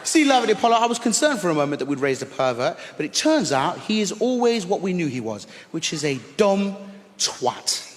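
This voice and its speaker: A man performs stand-up on a big theatre stage, his voice sitting a little high for a man. He lurches between loud outbursts and quiet muttered asides as he tells his story. The mic picks up a long hall reverb and a faint murmur of the crowd. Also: very animated, fairly quick, noisy background. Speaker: stand-up comedian. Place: large theatre stage with audience.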